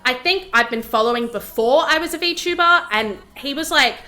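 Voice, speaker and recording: A woman's voice: high-pitched, expressive, moderate pace, sharp tone. A woman streamer chatting casually to her live audience in a bubbly, talkative way, full of fillers. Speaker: VTuber streamer. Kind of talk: casual livestream chat.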